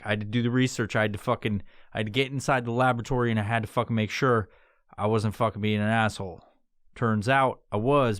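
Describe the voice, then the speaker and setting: Alone in a studio, a New York man hosts his own podcast in a solo monologue, putting on a tough-guy tone and swearing constantly. His voice is mid-range, with no echo.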